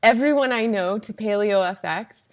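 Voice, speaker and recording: A woman's voice: medium pitch, normal speed. A woman from northeast Florida hosting a casual podcast interview in an upbeat, chatty way. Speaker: podcast host.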